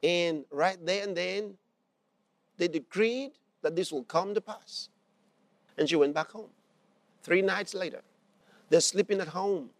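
A man's voice: sits high, unhurried, pauses often, no echo. A man preaching a sermon and telling a story, emphatic, repeating key phrases and putting questions to his listeners. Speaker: pastor.

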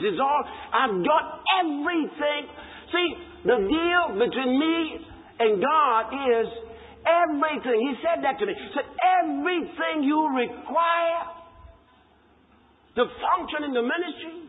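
A man preaching a sermon, emphatic and repetitive, breaking into exclamations of praise. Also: very high voice. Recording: tinny lo-fi hall recording.

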